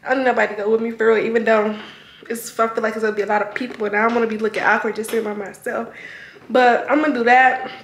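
A high-voiced teenage girl talks straight to her phone camera in a loose, rambling way, calling her viewers y'all. The sound is roomy and a little distant, as if the phone sits across an echoey room. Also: level tone, very fast, a little hiss or hum. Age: teens. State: out of breath at times. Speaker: vlogger. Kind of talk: casual vlog talk to camera.

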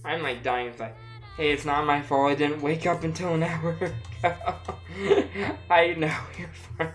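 A woman's voice: sits low, fairly even intonation, measured pace, faint music behind. A woman chatting casually on a gameplay livestream while feeling sick with a dry throat, giggling often and mocking herself. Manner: giggly, self-mocking, frequent laughter and exclamations.

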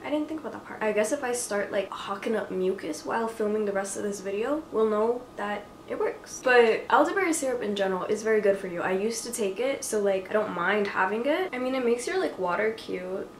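A woman's voice: mid-range voice, animated, fairly quick, hardly any pauses. A young woman casually chatting through a product review, filler-heavy and giggly. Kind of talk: casual chat. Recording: echoey room with faint noise.

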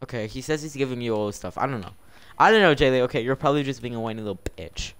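A man in casual live-stream commentary, exasperated and scolding as players squabble on his server. He laughs often between his complaints, in a voice of ordinary middle pitch. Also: very fast, fairly bright tone, clean tone. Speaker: livestreamer running a Minecraft server.

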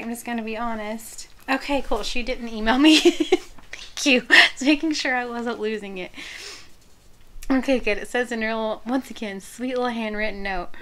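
A woman hosting a crochet channel, chatting casually and gushing softly as she opens mail, sometimes dropping to a whisper. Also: a little high, slight background noise. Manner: gushing, soft-spoken, often drops to a whisper. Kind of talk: casual unboxing chat.

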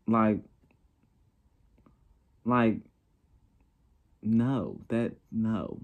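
Young male vlogger, deep register, blunt and profane, self-deprecating. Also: lively intonation, drawn-out words, narrow, tinny audio. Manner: profane, blunt, laughing at himself. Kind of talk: casual ranting commentary.

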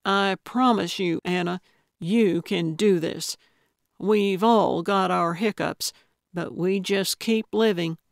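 A woman reading an audiobook voices a blunt, coaxing elderly amateur detective, louder and brisker than her narration. Her voice is lowish with vocal fry, recorded at studio quality without echo.

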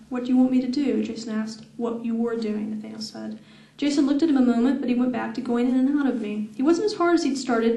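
Lady reading her book out loud at an event, kinda high voice, echoey room. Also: vocal fry, far from the mic. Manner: steady reading with laughing asides to the audience. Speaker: author reading her novel.

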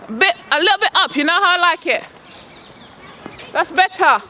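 A woman's voice: very high voice, expressive, moderate pace, bright, forceful tone, slight background noise. A woman coaching her son at tennis on an outdoor court, calling out shots and chatting casually to her vlog viewers. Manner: calls out shots, chatty and coaxing.

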